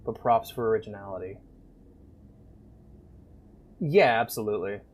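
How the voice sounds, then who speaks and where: A man's voice: fairly low pitch, normal speed. A man chatting casually and crudely with viewers while live-streaming a game. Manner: crude, joking, chats with viewers.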